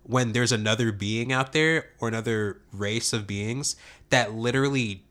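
A young man with a mid-range, fairly bright voice speaks at normal speed as a guest on a casual podcast. He rambles, fills his talk with fillers, swears, and laughs easily.

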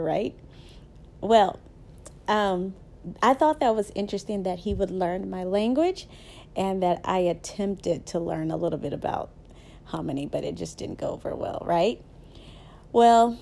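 With a warm, creaky, lowish voice, a Southern woman tells personal stories on her podcast. The talk is chatty, faith-driven, and motivational, and she frequently checks in with the listener by asking "right?".

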